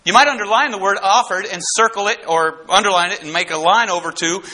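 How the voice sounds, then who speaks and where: A man preaching a sermon, fervent and folksy, repeating words and rising to shouts on key points. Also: high voice, fairly quick.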